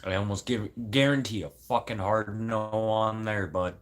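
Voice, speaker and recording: A man from Manitoba venting in a casual, unscripted talk to camera, swearing a lot and swinging from loud outbursts to low mutters. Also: fairly even intonation, normal speed. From Manitoba, Canada. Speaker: vlogger.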